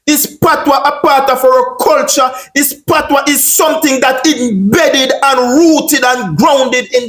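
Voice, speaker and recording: A man's voice: very high voice, fairly bright tone, reverberant. A man from Jamaica with a Jamaican accent giving casual commentary, mixing patois with English and asking rhetorical questions. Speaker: online commentary host.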